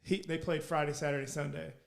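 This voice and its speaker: Guy in his 40s rambling thru a story on a podcast, kinda high voice, keeps restarting. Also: level tone, quick pace, gravelly. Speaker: podcast co-host. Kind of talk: casual storytelling chat.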